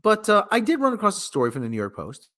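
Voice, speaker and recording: A man's voice: high-pitched, huge pitch swings, fast talker, bright, forceful tone. A man hosting a casual solo livestream, rambling and cutting himself off, with mock radio-announcer asides. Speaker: livestream host.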